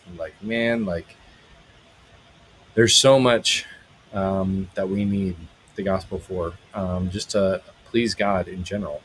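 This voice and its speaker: Guy hosting a live stream, kinda husky, lots of ums, rambles and perks up saying hi to viewers. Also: sits low, fairly even intonation, poor audio. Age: adult, married. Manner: rambling and halting, many fillers, brightens when greeting viewers.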